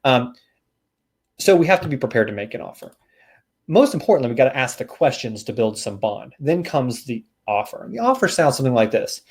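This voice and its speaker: A man's voice: mid-range voice, sing-song, a little fast, darkish tone, breathy edge. Folksy man coaching a sales seminar. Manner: casual, folksy coaching with acted-out door scripts. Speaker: real estate sales trainer. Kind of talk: recorded training seminar.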